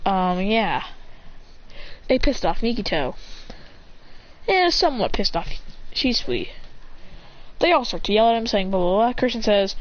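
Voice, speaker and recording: A woman improvising a story in a casual, rambling way, stumbling and correcting herself as she goes. Her voice sits a bit high and jumps around with lively pitch. The recording is dull and lo-fi. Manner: rambling, animated retelling with quick self-corrections.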